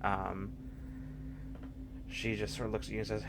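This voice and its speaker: A man narrating a tabletop game as game master, in a halting, thoughtful way. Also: lowish voice, level tone, gravelly, background noise.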